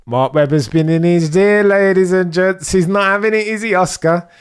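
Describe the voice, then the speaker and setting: Streaming a live watch-along of a race, a man speaks at a moderate, smooth pace while excitedly commentating and begging the drivers. He swings from low muttering to sudden high, urgent outbursts.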